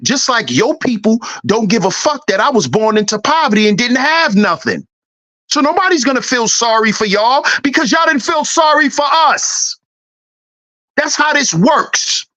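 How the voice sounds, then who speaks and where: This livestream host's commentary is a heated, preachy rant laced with profanity, his lines repeated for emphasis. He speaks at a moderate pace in a very high, very animated voice with a sharp edge.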